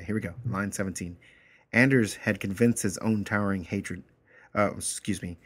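Casual low-voiced male teacher explaining a story. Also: husky. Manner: casual, explanatory, checks in with "right?" and "okay?". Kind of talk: reading a story aloud and explaining it line by line.

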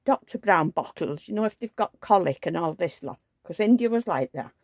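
Older woman, gravelly chat. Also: lowish voice, expressive, moderate pace, no room sound, clean studio sound. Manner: rambling, chatty storytelling with asides. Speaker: vlogger. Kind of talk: casual chat.

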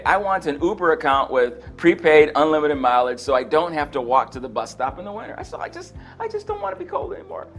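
A man's voice: fairly high pitch, fairly bright tone. A man voicing a young boy who pleads and whines to his father for a birthday gift.

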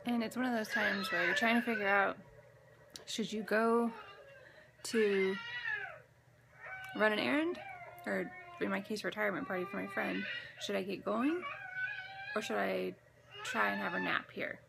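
A woman's voice: medium pitch, steady tone, unhurried, creaky, pauses often, very noisy. A young woman chatting casually in a home vlog as a mother, rambling along with plenty of ums. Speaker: mother vlogging about her baby.

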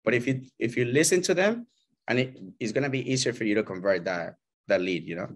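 Speaking a little fast in a mid-range voice, this man is a working realtor casually coaching a few agents. He plays out client and agent lines with animation and peppers his talk with "right?" and "you know?".

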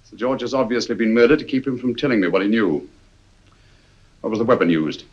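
An actor playing a cool, precise middle-aged detective in a 1940s film, speaking in clipped, deductive sentences. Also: male voice, fairly low pitch, animated, fairly quick. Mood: calm, probing. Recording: dull old film soundtrack.

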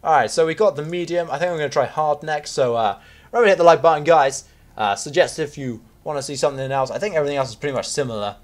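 A young man giving live gameplay commentary as a gaming YouTuber, excitable, yelping and shouting at the game. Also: a little high, quick pace.

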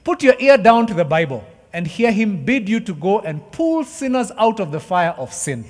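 Man preaching, high voice, passionate and emphatic, long hall reverb. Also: very animated, normal speed, a little mellow. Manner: passionate, emphatic, addresses crowd as "guys". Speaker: pastor. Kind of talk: sermon. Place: church hall.

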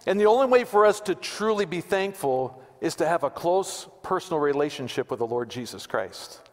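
A man's voice: a little high, expressive, moderate pace. A male pastor preaching a sermon in a conversational, joking way, often repeating words. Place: church sanctuary. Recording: long church reverb.

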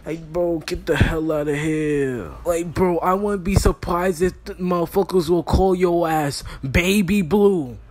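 A man's voice: on the high side, steady tone, measured pace, few pauses, darkish tone. A young man doing a brash, exasperated comedy roast over a phone mic, swearing constantly and calling everyone "bro". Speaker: roast video creator. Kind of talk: profane comedic roast commentary.

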